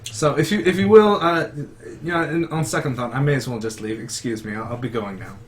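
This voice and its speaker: A man voicing a boastful, smooth-talking monster hunter and bard who rambles pompously about his fee in a tabletop game. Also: medium pitch, a little fast, lightly acted.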